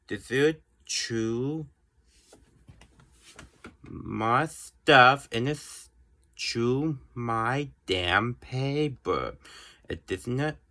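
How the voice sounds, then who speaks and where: A man's voice: mid-range voice, expressive, extremely slow, long pauses, sharp tone. A man ranting in a home video, grumbling bluntly and repetitively with mild swearing. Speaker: vlogger.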